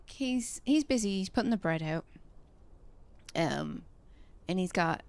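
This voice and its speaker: A woman's voice: medium pitch, animated, unhurried, long pauses, darkish tone, no room sound. A woman chatting casually while playing a game, telling indignant stories about work. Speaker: gamer.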